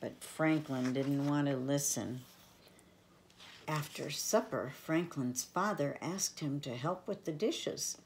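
An older woman reads a children's picture book aloud with gentle affection. Her voice is low and she reads unhurriedly. She sounds like a grandmother talking to small listeners. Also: takes it slowly, slight background noise. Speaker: storyteller for children. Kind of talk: reading a children's storybook aloud.

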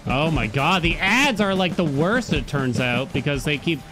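A man's voice: fairly high pitch, normal speed, music in the background. A male streamer giving live commentary on his own gameplay, chatty with viewers and breaking into yelps and curses at the game. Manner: excitable, yelps and swears at the game; chatty, talks to viewers between moments.

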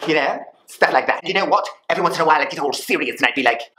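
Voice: medium pitch, rapid-fire, few pauses, pushed and bright. A performer in a rambling comic monologue, full of "like" and "you know" fillers, playing it mock-silly. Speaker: comedy vlogger.

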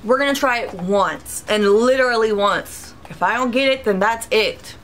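Young woman let's-player, chatty and excitable, crisp bright voice, faint background noise. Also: on the high side, normal speed. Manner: chatty and reactive, talks to viewers, sudden yelps. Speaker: gaming YouTuber. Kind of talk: casual let's-play commentary.

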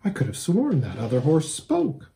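A man's voice: a little high, wildly swooping pitch, normal speed, creaky, dark tone, a little hiss or hum, heavily acted. A man voicing a blunt, defensive young boy in rags.

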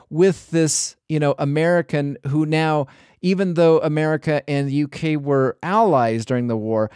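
A man's voice: a little high, a little mellow, no echo, clean studio sound. A man hosting a podcast, chatting casually in a rambling way, full of restarts and hedges. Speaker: podcast host.

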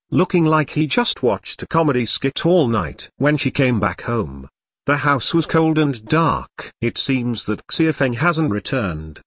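A man narrating a web novel in a steady, synthetic-sounding voice. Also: mid-range voice, no echo, clean studio sound.

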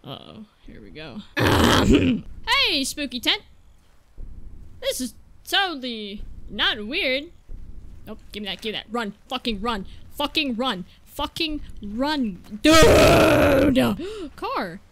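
A woman's voice: sits high, expressive, slow, a bit bright. Jumpy, swearing young woman gamer. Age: young adult. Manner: jumpy, swearing, laughing, talking to viewers. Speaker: gaming YouTuber. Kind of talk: horror game let's play commentary.

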